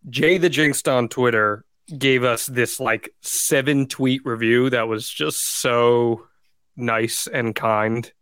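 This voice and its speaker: A man's voice: mid-range voice, fairly even intonation, slow, a bit bright, smooth, dry recording, clean studio sound. A man hosting a casual podcast chat, running its segments in an upbeat, game-show way. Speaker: podcast host.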